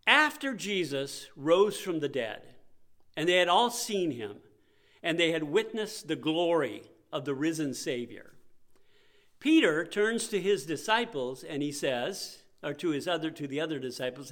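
Man preaching a lively sermon. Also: fairly high pitch. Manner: conversational preaching, acts out quoted voices. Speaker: pastor.

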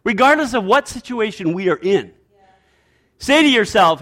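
A man's voice: sits high, lively intonation, normal speed, pauses often, bright, forceful tone. A man preaching a sermon as pastor, repeating his key phrases emphatically and leading the congregation in call-and-response.

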